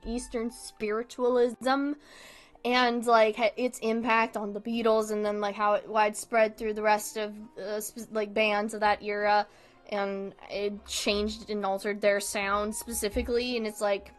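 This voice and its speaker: A woman's voice: a little high, fairly bright tone. A young woman streamer chatting casually, telling a rambling story and laughing often. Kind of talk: casual chat while drawing on stream.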